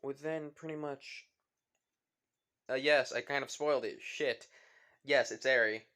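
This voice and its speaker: A man's voice: mid-range voice, a little slow, fairly bright tone, clean tone. A man casually telling a fan-fiction story, rambling with many fillers and restarts.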